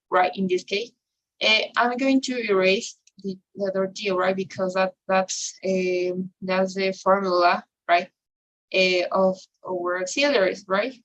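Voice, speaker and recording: A woman's voice: medium pitch, a bit bright, poor audio. A woman who is a native Spanish speaker teaching an English grammar lesson, explaining step by step and checking "right?" after nearly every phrase.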